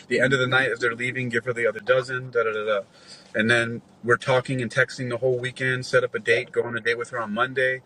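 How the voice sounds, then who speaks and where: Bright-voiced man telling a rambling story. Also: medium pitch, quick pace, a little hiss or hum, poor audio. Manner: rambling, profane, animated retelling with quoted dialogue. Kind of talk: casual storytelling.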